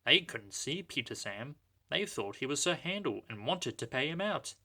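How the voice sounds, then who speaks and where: A man reading a children's storybook aloud, narrating in a lively, expressive way. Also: medium pitch, moderate pace.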